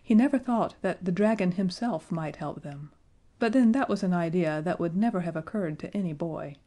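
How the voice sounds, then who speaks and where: A woman narrating a children's fantasy audiobook in a measured, gently expressive way. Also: lowish voice. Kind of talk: scripted storybook narration.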